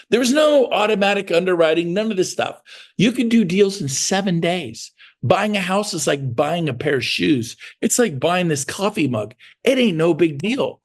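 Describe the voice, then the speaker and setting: A middle-aged man giving a motivational sales training talk in an emphatic, repetitive, hard-selling way. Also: on the high side. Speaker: real estate sales trainer.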